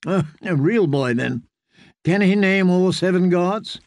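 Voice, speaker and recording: A woman's voice: lowish voice, animated, measured pace, a little mellow, no room sound, voice pushed up. A man doing a cold, haughty queen. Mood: imperious. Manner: cold, imperious, condescending. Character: haughty scheming middle-aged queen.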